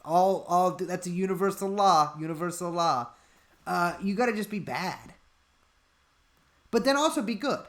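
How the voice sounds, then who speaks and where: A man's voice: sits high, expressive, normal speed, long pauses, fairly bright tone. A man co-hosting a live-stream chat, rambling through an absurd bit of mock-serious advice. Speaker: podcast co-host.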